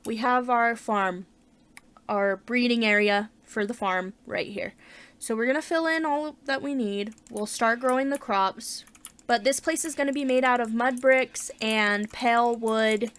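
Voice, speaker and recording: एक महिला अपना गेम खेलते हुए बातचीत के अंदाज़ में कमेंट्री करती है, ज़ोर से सोचती है और बीच-बीच में उत्साह से उछल पड़ती है।. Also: female voice, on the high side, unhurried, clean tone. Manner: chatty, thinks aloud, bursts of excitement. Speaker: gaming channel host. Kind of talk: casual let's-play commentary.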